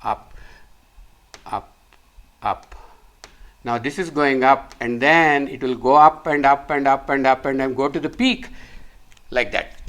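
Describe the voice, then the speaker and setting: Drawing a chart as he teaches, a middle-aged doctor explains it one step at a time in a mid-range, somewhat bright voice. He repeats words to stress points during this whiteboard lecture on medicine.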